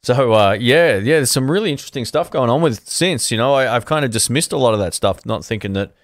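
A man's voice: mid-range voice, animated, a little fast, no echo, clean studio sound. A man hosting a guitar channel, chatting casually on a livestream and answering viewers, rambling and restarting his sentences in an easygoing way.

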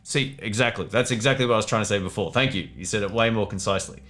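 A man with a lowish voice speaks fast as he hosts a casual live Q&A from his home studio. Relaxed and rambling, he chats loosely, answers viewer questions, and reads chat comments aloud.

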